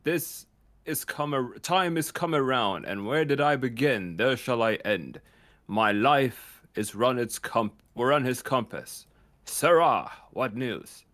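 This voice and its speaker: A man's voice: mid-range voice, lively intonation, a bit bright. A man reading weary general Cassius. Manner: halting reading with stumbles over names. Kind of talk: casual Shakespeare read-along.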